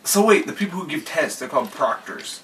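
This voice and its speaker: A man's voice: fairly high pitch, sing-song, brisk. A man co-hosting a podcast in casual joking chat, teasing and often breaking into giggles. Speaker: podcast co-host. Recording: distant mic with clear noise.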